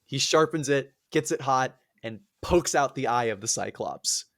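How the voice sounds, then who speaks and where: A man hosting a podcast, retelling a myth in an animated, profane, comedic way. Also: mid-range voice, normal speed. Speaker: podcast host.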